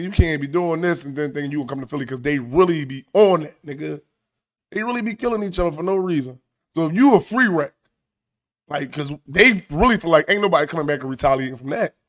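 A man hosting a comedic news commentary show, animated, profane and mocking as he reacts to clips. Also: fairly high pitch, a little fast.

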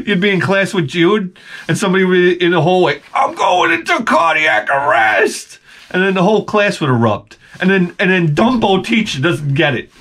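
A man's voice: sits high, normal speed. A middle-aged man vlogging, telling rambling, profane stories in a casual monologue. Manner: rambling, profane, animated storytelling.

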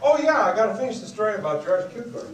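A man's voice: high voice, sing-song, fast, recorded from a distance. Rambling older man in an echoey hall. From Illinois. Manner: exclamatory, rambling, chuckling asides. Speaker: guest speaker. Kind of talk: rambling lecture anecdotes. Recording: echoey hall taped from the audience on cassette.

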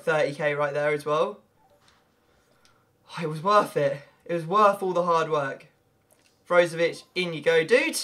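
A young man, giving excitable pack-opening commentary on a video game, breaking into loud shouts and laughter. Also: a little high. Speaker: gaming video creator.

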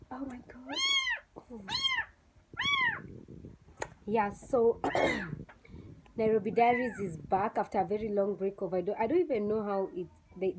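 A young Kenyan woman with a mid-range voice reviews a TV show on her vlog, bluntly and scornfully, sprinkling in Swahili slang. It's a casual, opinionated take, and background noise can be heard.

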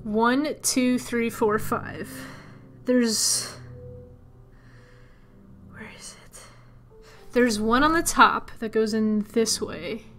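A woman's voice: fairly high pitch, extremely slow, pauses often, fairly bright tone, soft background music. A young woman casually commenting as she plays a puzzle game, chatting to her viewers and muttering to herself. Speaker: let's player.

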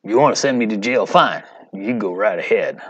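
A man voicing a defiant, proud boxer who refuses the draft, delivering the lines in a slow, emphatic declamation. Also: fairly low pitch, very animated, slightly rough, dull audio.

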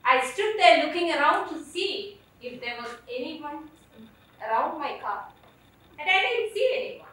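A woman with a high, bright voice telling her own story on stage, earnest and deliberate. The sound is very echoey and comes from well back off the mic. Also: big pitch swings, recorded from a distance. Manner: earnest, emotional, deliberate phrasing. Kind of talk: personal storytelling performance.

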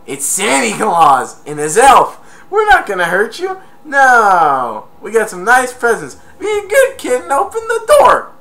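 A man imitating an angry grown male burglar from a movie, shouting and mock-threatening. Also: very high-pitched, huge pitch swings, unhurried, pitched above the performer's own voice, heavily acted. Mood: mock sweet.

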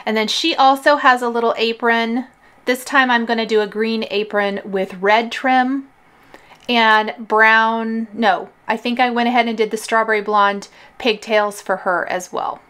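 A woman hosting a card-making tutorial, calmly explaining each coloring and gluing step in a relaxed, chatty way. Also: a little high, unhurried, smooth. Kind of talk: craft tutorial voice-over.

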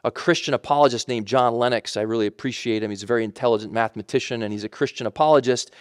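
A man's voice: medium pitch, rapid-fire, no room sound, clean studio sound. A man preaching a sermon in a conversational way, with emphatic repetition and frequent self-corrections. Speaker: pastor.

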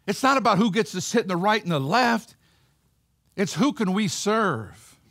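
A man's voice: sits high, lively intonation, moderate pace, fairly bright tone, dry recording, studio quality. A male pastor giving a sermon in a conversational way, acting out the voices of the people in a Bible story.

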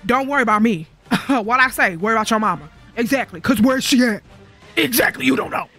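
Sassy young gamer, bright voice. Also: medium pitch, expressive, fairly quick, faint music behind. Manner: sassy, rambling, profane trash talk. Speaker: gaming YouTuber. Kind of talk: casual gameplay commentary.

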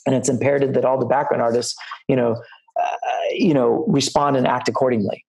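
A man's voice: medium pitch, steady tone, brisk, creaky, a little mellow, breathy edge, low-quality recording. Middle-aged man, line producer, anecdotal, rambling, video call audio. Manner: anecdotal and rambling, with many restarts. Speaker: line producer giving career advice. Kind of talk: talk to film students on a video call.

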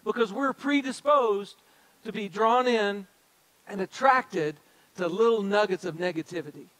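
Male pastor, very high voice, conversational sermon style, speaks straight to the congregation and repeats key lines. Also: a little slow, fairly bright tone, rough recording. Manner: addresses congregation directly, repeats key phrases. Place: church sanctuary.

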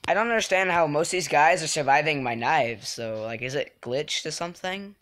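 Bright-voiced young man streaming a game. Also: fairly high pitch, a little fast. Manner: excitable, swings from mumbling to yelling in frustration. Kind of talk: casual live game commentary.

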